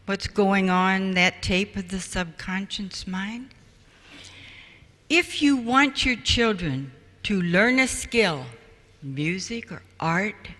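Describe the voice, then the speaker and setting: A man giving a public talk, telling stories in an animated, deliberate way. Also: high-pitched. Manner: animated storytelling, slow and deliberate. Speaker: speaker. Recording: echoey hall, distant mic.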